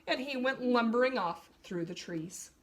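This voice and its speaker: A woman reads a children's story aloud with a bright, higher voice. Her pitch rises and falls in lively swoops as she narrates. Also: moderate pace. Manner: expressive, animated read-aloud.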